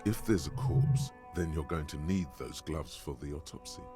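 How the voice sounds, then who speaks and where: An actor voicing the grave male narrator of a detective game, speaking in a slow, measured, deadpan way. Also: rumbling low, over music.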